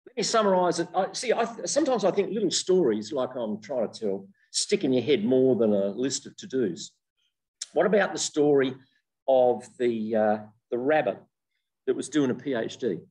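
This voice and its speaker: Older guy lecturing with jokes and stories, animated, mic kinda far from him. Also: mid-range voice, moderate pace. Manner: animated, joking storyteller. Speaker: keynote speaker, professor. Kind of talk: humorous keynote lecture with stories. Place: lecture room with online audience.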